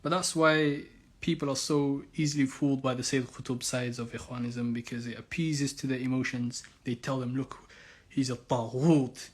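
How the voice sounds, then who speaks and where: A man's voice: medium pitch, level tone, normal speed. A man giving impassioned religious commentary, firing off sarcastic rhetorical questions. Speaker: Islamic commentator.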